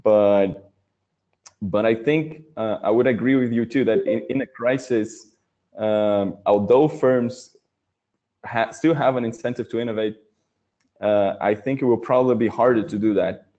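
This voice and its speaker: A man's voice: lowish voice, unhurried, warm tone. A man with a Brazilian accent, a native Portuguese speaker, discussing a book in a webinar with thoughtful, hesitant phrasing over a video call. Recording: dull, lo-fi video call audio.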